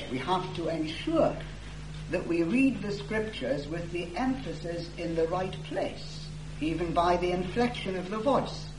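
A man preaching an expository sermon, reading scripture aloud slowly and stressing key words for emphasis. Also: a little high. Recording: echoey room with faint hum.

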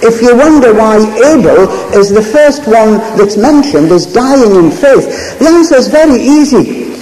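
A man delivers a Bible teaching sermon with a high, animated voice that rises and falls widely. He speaks slowly and deliberately, returning again and again to the same key phrase. The recording carries the echo of a roomy hall with faint ambience behind him. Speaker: preacher.

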